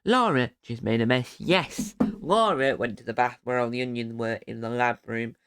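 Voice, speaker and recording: A man's voice: medium pitch, normal speed, a bit bright, clean tone, dry recording, studio quality. A man hosting his own podcast, recapping an episode in a casual, rambling way and often correcting himself mid-sentence. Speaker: podcast host.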